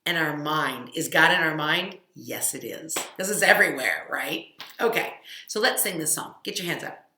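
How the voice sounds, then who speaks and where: Bright animated woman teaching children. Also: sits low, normal speed, a little hiss or hum. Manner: animated, coaxing, asks children questions. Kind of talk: children's church lesson. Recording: roomy echo.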